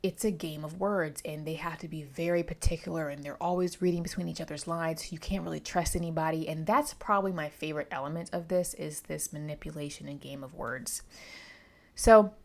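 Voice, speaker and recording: A woman's voice: low-pitched, fairly even intonation, fairly quick, gravelly. A woman giving a chatty, digressive book review in a casual vlog.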